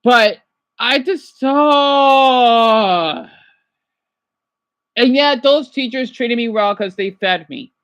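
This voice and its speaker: A woman ranting on a casual livestream. She is agitated, swinging between angry outbursts and hushed apologies. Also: a little high, drawn-out words, pauses often, dull audio.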